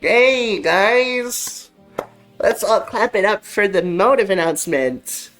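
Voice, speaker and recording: A gleeful mascot announcer , put on by a game player, hams it up with a teasing, sing-song lilt. The voice sits a little higher than the player's own, and the background carries faint music. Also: big pitch swings, normal speed, husky.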